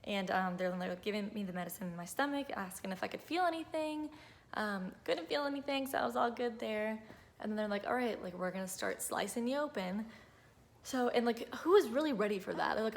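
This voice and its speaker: A woman's voice: mid-range voice, brisk, slight background noise. A woman in her twenties telling a personal story to camera in a chatty, emotional way, full of "like" and "um". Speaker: vlogger.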